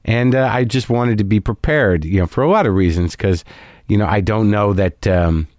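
A man's voice: on the low side, moderate pace, darkish tone, dry recording. Podcast guy rambling and cussing, kinda self-deprecating, dead dry close mic. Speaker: podcast host. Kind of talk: casual rambling monologue.

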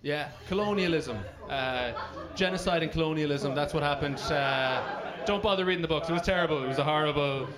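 A man's voice: fairly high pitch, fairly quick. An Irish man doing stand-up crowd work, teasing audience members, recorded live at a comedy show.

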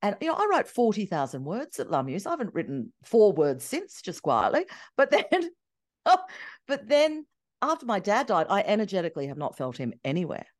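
An Australian woman, a podcast guest, telling animated stories with many restarts. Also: medium pitch, normal speed, no echo, clean studio sound. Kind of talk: conversational interview.

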